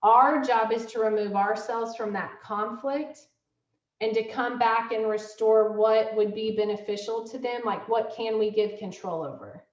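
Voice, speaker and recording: A woman's voice: fairly high pitch, fairly even intonation, measured pace. A middle-aged woman, a school counseling director giving an online workshop to parents. She talks in a conversational way with many fillers and acts out parent-child dialogue. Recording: dull, roomy, distant laptop audio.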